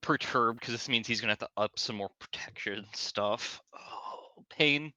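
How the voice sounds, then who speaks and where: A man playing in a tabletop game, calm and low-key. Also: unhurried, no echo. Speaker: player. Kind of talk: casual tabletop play.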